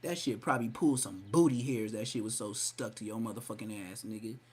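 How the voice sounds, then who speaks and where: A man's voice: lowish voice, fairly quick, husky. A man hosting a live podcast stream, mocking and roasting someone in a profane, rowdy way. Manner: mocking, profane, loud outbursts. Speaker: podcast host.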